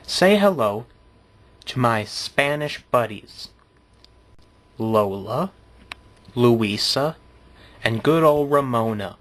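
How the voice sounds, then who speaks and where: A man's voice: mid-range voice, slow pace, long pauses, a bit bright. A man doing an absurd comedy vlog, rambling through shaggy stories that keep interrupting themselves. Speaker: comedy vlogger. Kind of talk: deadpan rambling comedy monologue.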